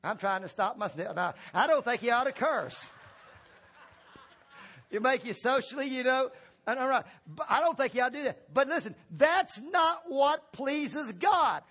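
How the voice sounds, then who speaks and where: A man's voice: very high-pitched, lively intonation, moderate pace, long pauses, bright, forceful tone, slightly rough. A male pastor preaching a sermon in a church, calling for responses and repeating key phrases for emphasis, with folksy humor. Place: church sanctuary.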